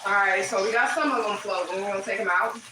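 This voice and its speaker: A woman's voice: medium pitch, fast. A woman hosting a casual livestream from her home kitchen, telling loose, swearing stories with laughs. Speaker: livestream host and spiritual reader. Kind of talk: casual livestream chat while cooking. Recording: echoey kitchen with faint noise.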